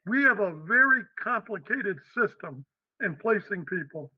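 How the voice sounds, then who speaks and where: A man's voice: high voice, animated, unhurried, slightly rough, no echo, lo-fi sound, heavily acted. A man voicing a brusque, cigar-chomping hiring manager with a New York accent while retelling a story.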